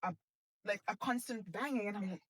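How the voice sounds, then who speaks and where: A young woman from Kenya, a guest on a podcast, tells her story with lively energy and slips into the voices of the people she quotes. Her voice sits in a middle register, and the recording is close and dry with little room sound. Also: medium pitch, brisk, slightly rough, no room sound. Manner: animated retelling, acts out quoted dialogue. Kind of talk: storytelling in conversation.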